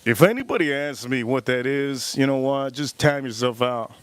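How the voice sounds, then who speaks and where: This man hosts a casual cooking livestream outdoors at a grill, joking loosely, talking to chat and reading super chats aloud. His mid-range voice is expressive, clear and resonant, moving at a normal speed.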